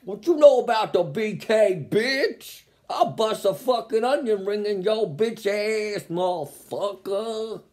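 A man's voice: high voice, slow, hardly any pauses, a little mellow. A man doing a swaggering, profane gangster. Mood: menacing. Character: tough-talking young male gangster.

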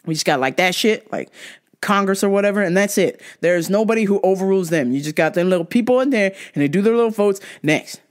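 Animated, foul-mouthed woman podcast host. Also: medium pitch, fast talker. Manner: blunt, swears constantly, animated. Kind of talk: casual profane rant.

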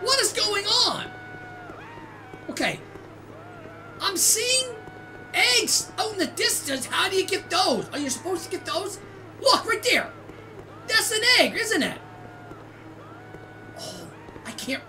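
A woman from Canada hosting a gaming channel, giving excitable let's-play commentary with squeals, shouts and laughter. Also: very high voice, slow pace, long pauses, soft background music. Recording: distant mic with loud game noise.

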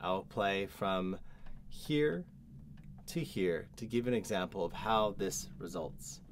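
A man teaching a cello lesson, explaining bowing patterns step by step and pausing to demonstrate. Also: lowish voice, animated. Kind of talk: instructional explanation.

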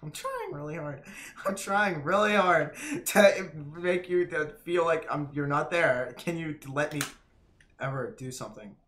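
A man's voice: a little high, big pitch swings, unhurried, a bit bright, slight background noise. A man streaming a hard game live, swearing and laughing, his voice cracking. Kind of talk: live gameplay commentary.

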